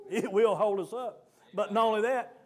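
Preacher man, high-pitched, swings between low talk and fervent shouting. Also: moderate pace. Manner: rising to fervent shouts, then dropping low. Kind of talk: sermon.

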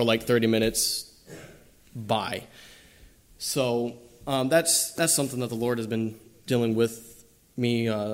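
A young man preaches in an informal, unpolished way, pausing often with fillers and restarting his sentences. His voice sits at an ordinary middle pitch for a man. He sounds like a student leading a small gathering, ending in a quiet prayer. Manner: halting, many fillers and restarts.

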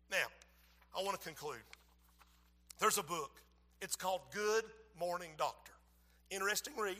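A man preaching a sermon. He moves between hushed, soft storytelling and loud, impassioned preaching. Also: very high-pitched.

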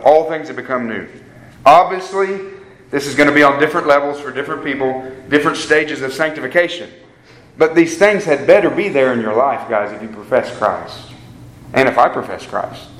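A man with a medium-pitched, fairly bright voice preaches earnestly to a live audience, repeating phrases for emphasis and addressing his listeners as guys. The recording has an echoey room with faint ambient sound.

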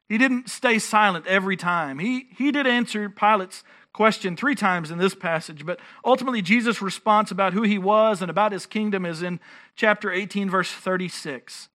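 A man's voice: sits high, sharp tone. A man preaching a sermon as pastor, earnest and emphatic, often restarting his phrases.

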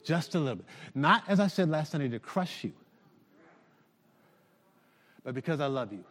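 Male pastor mid-sermon, lively swooping pitch, long church reverb. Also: quick pace. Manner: animated, shouting at peaks, with laughs.

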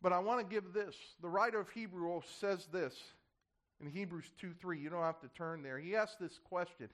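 A man's voice: high voice, moderate pace, fairly bright tone. A man preaching a sermon to his church, impassioned, his voice swelling and dropping as he drives his points home. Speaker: pastor.

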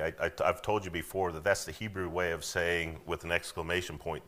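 A man's voice: low voice, a little fast, pushed and bright. A man preaching a sermon in a conversational way, with frequent asides and calls for the congregation to recite verses with him. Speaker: pastor.

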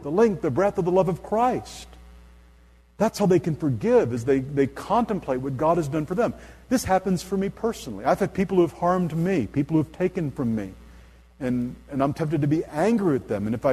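A middle-aged man preaching a sermon as a pastor, earnest and emphatic at his high points, then soft and low as he tells stories. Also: husky. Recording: long hall reverb.

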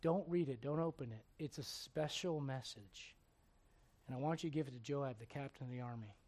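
A male preacher voicing an ancient king who gives secret orders in a hushed, low voice. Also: fairly quick, close to an everyday voice. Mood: secretive.

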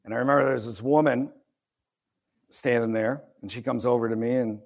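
A man's voice: mid-range voice, steady tone, a little fast, a little mellow. A middle-aged man, a pastor from the United States, preaching a sermon in a conversational, wry storytelling way with asides.

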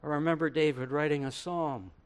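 An actor playing an aged male apostle, preaching a first-person dramatic sermon monologue in a slow, earnest way with dramatic pauses. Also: fairly high pitch, fairly even intonation, clear, resonant tone, close to an everyday voice. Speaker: preacher in character. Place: room with listeners.

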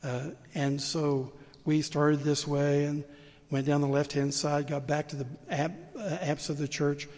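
An older Southern pastor preaches in a slightly high voice, his words ringing out with the long reverb of a big church sanctuary. He tells stories in an easy, conversational way, then builds to emphatic, rising peaks. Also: fairly even intonation, measured pace, darkish tone. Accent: Southern American. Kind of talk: sermon.

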